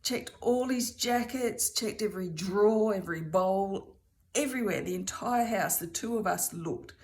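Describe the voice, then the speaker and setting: A woman's voice: medium pitch, moderate pace, darkish tone. A middle-aged woman with an Australian accent telling a rambling story in a chatty, casual way. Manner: chatty, rambling, keeps returning with "anyway". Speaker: vlogger.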